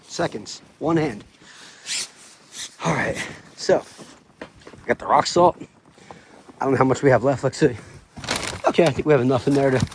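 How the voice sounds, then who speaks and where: Medium-pitched and slightly noisy in the background, this man's voice belongs to a family vlogger chatting casually to the camera outside in a snowy yard. He's upbeat and talkative and laughs a lot.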